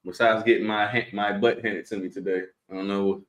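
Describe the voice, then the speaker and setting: Jokey low-voiced man. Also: steady tone, a little fast. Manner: jokey, self-deprecating. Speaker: trading coach. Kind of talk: casual live-stream chat.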